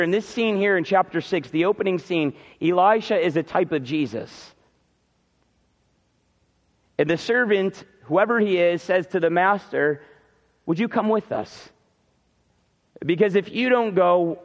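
A man preaching a sermon in a casual, conversational way, acting out the lines of biblical characters. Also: sits high. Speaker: pastor. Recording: reverberant, dull hall sound.

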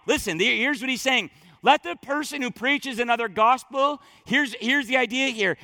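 A man preaching a sermon to his congregation, talking straight to them with emphatic, conversational delivery that drops low and surges back up. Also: expressive, normal speed, pushed and bright. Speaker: pastor. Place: church sanctuary.

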